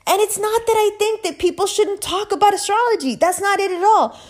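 A young woman of South Asian heritage, an astrology YouTuber, rants casually to camera in a very high voice, briskly, profanely and emphatically, with lots of fillers.

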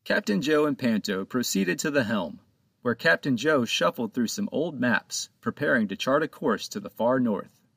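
A man narrating his own children's pirate storybook in a lively, expressive reading, close to the mic. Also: medium pitch, normal speed, creaky, slightly rough, no echo. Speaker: author and narrator.

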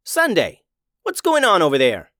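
Scheming male evil wizard, voiced by a man smug and sarcastic, with a lively, animated pitch. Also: normal speed, dry recording, studio quality, heavily acted. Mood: curious.

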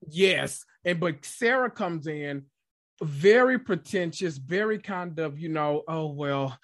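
A man chatting casually about reality TV as a podcast host, analytical and animated when quoting people. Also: fairly high pitch, slow. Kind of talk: casual reality-TV recap chat.

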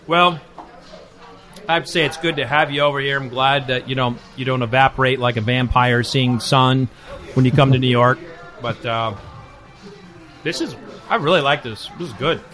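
A man's voice: mid-range voice, steady tone, normal speed, long pauses, a bit bright, faint music behind. A man hosting a food and drink podcast from a bar, talking in a loose, joking, rambling way. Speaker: podcast host. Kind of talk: casual chat.

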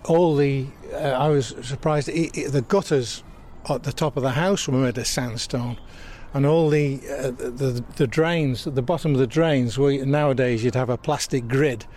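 Older man, southwest Lancashire accent, reminiscing interviewee with halting restarts, faint outdoor hiss. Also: mid-range voice, darkish tone. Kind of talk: reminiscing conversation.

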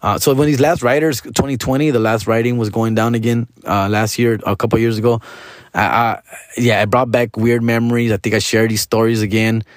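A man's voice: medium pitch, steady tone, brisk, no room sound, studio quality. A man in his forties telling a personal story in casual, profane slang, switching between English and Spanish. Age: 40s.

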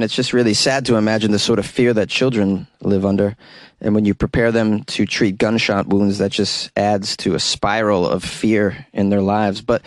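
A man's voice: lowish voice, dry recording, clean studio sound. A man hosting a radio talk show, reading news stories and adding wry, sarcastic asides in a casual way.

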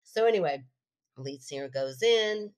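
A woman co-hosting a casual chat, telling a story with lively energy and frequent laughter. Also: deep voice, unhurried. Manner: animated, laughs often while telling stories.

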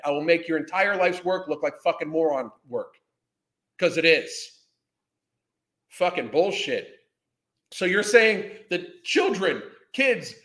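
A man's voice: high voice, a bit bright, roomy sound. A man delivering an angry, profane reaction rant as a commentary host, hurling insults as he talks.

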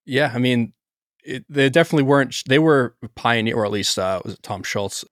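A man's voice: mid-range voice, fairly quick, a bit bright, no echo, studio quality. A man, a co-host, joking in casual chat with hesitant restarts.

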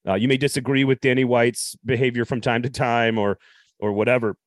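A man's voice: medium pitch, level tone, brisk, no room sound, clean studio sound. A man hosting a talk show, asking a guest questions and then giving commentary. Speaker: radio show host. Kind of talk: casual interview and commentary.

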